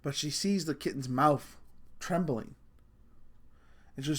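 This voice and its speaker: A middle-aged man talks straight to his viewers in a loose, rambling rant, sprinkling in curses and chuckling at his own jokes. His voice sits a little higher than most men's. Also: moderate pace, pauses often, slightly rough. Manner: rambling, profane, laughing at himself. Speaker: vlogger. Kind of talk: casual rant to camera.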